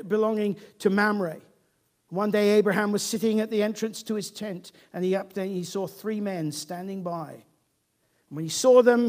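A male preacher retelling a scripture story in a conversational sermon. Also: sits high.

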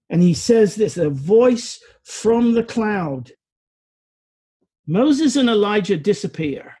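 A man preaching a sermon, earnest and sometimes stumbling over his words, dropping into quiet reflection. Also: high voice, slightly rough.

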